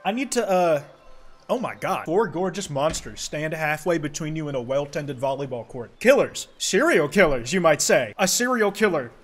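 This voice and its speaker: A young man giving sarcastic, jokey commentary on a game, reading its dialogue aloud with sudden loud outbursts. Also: fairly high pitch, expressive, normal speed, hardly any pauses, noisy background. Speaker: gaming YouTuber. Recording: game music faint behind.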